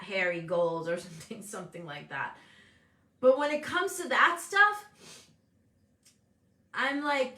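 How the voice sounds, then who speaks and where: A woman's voice: a little high, pushed and bright, roomy sound. A woman hosting a casual motivational talk show, speaking candidly and animatedly, acting out the voices of people she quotes. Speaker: host and business coach.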